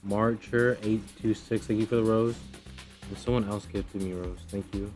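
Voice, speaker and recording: A young man livestreaming from home, his voice sitting fairly low as he chats casually with viewers. He thanks them over and over, runs himself down and gets flustered easily. Faint game music plays quietly behind him. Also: fairly even intonation, normal speed. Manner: chatty, thanks viewers often, self-deprecating, easily flustered.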